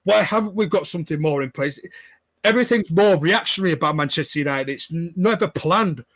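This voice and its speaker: A man's voice: on the high side, expressive, fairly quick, fairly bright tone. A man talking as a fan pundit in a casual discussion. He rants, sounds frustrated and swears freely.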